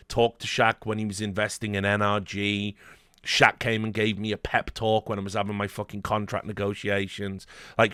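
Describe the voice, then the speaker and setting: A man's voice: fairly low pitch, no echo, studio quality. A man casually telling a behind-the-scenes story, swearing often and acting out the voices of the people he quotes. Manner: animated, swearing, with frequent fillers and quoted voices. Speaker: host.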